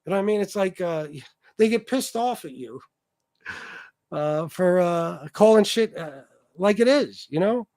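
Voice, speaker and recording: Heated male livestream host, high voice, swearing rant, dry mic. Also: animated, a little slow, darkish tone, no echo. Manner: profane, heated, repetitive. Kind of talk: ranting livestream commentary.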